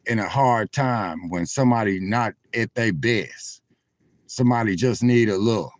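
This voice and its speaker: A man's voice: fairly low pitch, normal speed, dry recording. A man livestreaming from his car on his phone, chatting straight to viewers with preacher-like swells. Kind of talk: casual livestream chat. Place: in a parked car at a truck stop.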